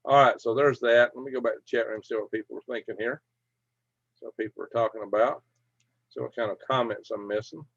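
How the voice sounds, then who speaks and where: A man's voice: medium pitch, fairly even intonation, brisk, vocal fry, no echo. A middle-aged man hosting a casual livestream, reading viewer comments aloud in a folksy, chuckling way. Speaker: livestream host. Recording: dull lo-fi dry sound.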